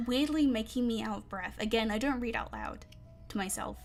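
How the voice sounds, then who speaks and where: A woman's voice: on the high side, fairly even intonation, a little fast, a little hiss or hum. A woman with a British accent reading a children's story aloud in a chatty way, sometimes tripping over words. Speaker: reader.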